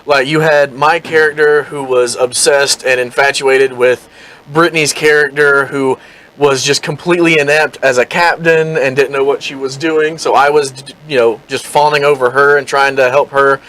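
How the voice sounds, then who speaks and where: A man's voice: medium pitch, fairly even intonation, moderate pace, a bit bright, low-quality recording. Rambling man telling a game story. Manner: rambling, with many fillers while recounting. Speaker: podcast co-host and game master. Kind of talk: casual chat, storytelling.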